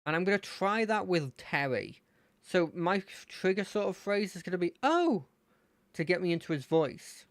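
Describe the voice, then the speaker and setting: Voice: medium pitch, normal speed, dry recording. A game streamer chatting casually and playfully while playing a fangame, thinking aloud. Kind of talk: casual gameplay commentary.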